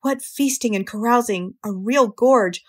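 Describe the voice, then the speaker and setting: A woman voicing a gluttonous, boastful male rat in an audiobook, in a husky, hoarse voice, snarling and gloating. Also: fairly high pitch, unhurried. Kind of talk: audiobook character reading.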